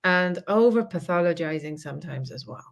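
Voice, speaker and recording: Lower-voiced woman in relaxed chat. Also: moderate pace, creaky. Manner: brief affirming interjections and reflective comments. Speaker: podcast guest. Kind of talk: casual conversation.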